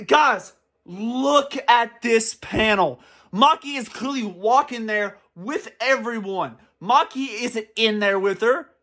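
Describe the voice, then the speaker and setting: A young man giving casual, excitable commentary as a channel host, rambling and swearing freely. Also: high-pitched.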